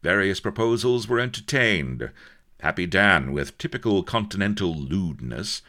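A man's voice: deep voice, animated, unhurried, sharp tone. A man reading a comic pirate story aloud with a dry, wry delivery. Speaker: reader.

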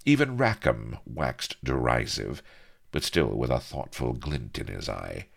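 Casting: male audiobook narrator, very deep voice, lively expressive delivery. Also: measured pace, gravelly, slightly rough. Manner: expressive storytelling. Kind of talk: scripted narration.

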